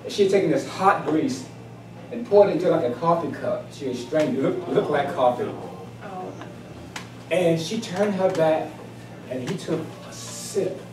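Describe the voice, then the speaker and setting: A man, giving a humorous personal storytelling speech at a club meeting in a lively, emphatic way. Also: on the high side, unhurried, pauses often, over music. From South Carolina, US. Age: 60s. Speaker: club speaker. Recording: echoey room, distant mic, background noise.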